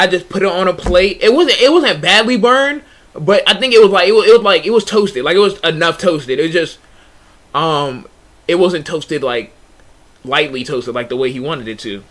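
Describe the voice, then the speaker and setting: A young man with a high voice tells a casual story on a livestream. He is animated and slangy, often restarts his sentences, and says "bruh" a lot. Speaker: streamer.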